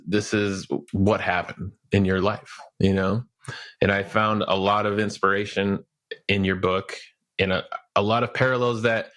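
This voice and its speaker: A man's voice: fairly low pitch, fairly bright tone. A man hosting a podcast interview, casual and affirming, thanking his guest and pointing listeners to the show notes. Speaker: podcast host. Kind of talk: conversational interview.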